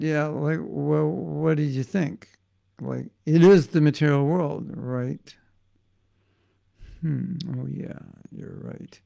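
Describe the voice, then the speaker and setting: Gravelly-voiced man giving a casual devotional class. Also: on the high side, measured pace, a little mellow. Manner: casual, joking, conversational. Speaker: spiritual teacher.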